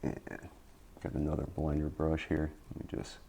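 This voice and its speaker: A man teaching oil painting in a casual tutorial, tired after a long day, talking in relaxed, repetitive encouraging asides. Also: rumbling low, normal speed, gravelly, slight background noise. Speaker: painting instructor.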